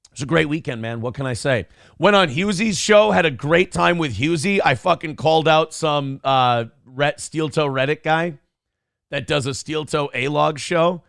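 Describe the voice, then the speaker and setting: Brash, gravelly-voiced male show host. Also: fairly high pitch, moderate pace, a bit bright, no echo, studio quality. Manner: brash, profane, boastful storytelling. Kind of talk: casual talk show rant.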